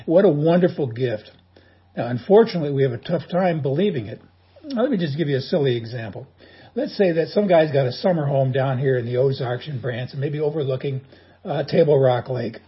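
A man's voice: medium pitch, lively intonation, fairly quick, breathy edge, dull audio. A man preaching a sermon as a pastor, in a folksy, humorous storytelling manner.

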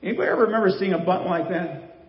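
A man's voice: high voice, racing, slight background noise. An older man, a pastor, preaching a sermon in a conversational way, asking the congregation questions. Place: church sanctuary. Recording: echoey church hall, slightly dull.

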